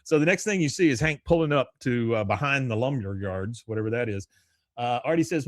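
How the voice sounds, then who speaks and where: A man hosting a podcast casually recaps an episode, rambling as he goes and acting out the lines. His voice is mid-range and fairly quick, recorded with clean studio sound and no room sound.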